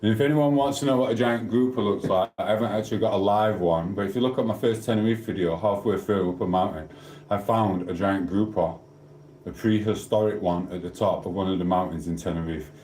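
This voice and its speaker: Low-voiced South Yorkshire man rambling to chat. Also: brisk, a little mellow, slight background noise. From South Yorkshire, England. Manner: rambling, cheeky, banters with chat. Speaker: livestreamer. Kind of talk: casual live-stream chat reading comments. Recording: echoey room.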